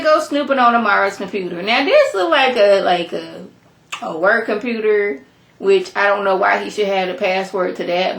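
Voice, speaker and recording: Sassy woman with a gravelly voice. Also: mid-range voice, reverberant. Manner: sassy, chatty, animated asides. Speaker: TV episode reviewer. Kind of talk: casual recap commentary.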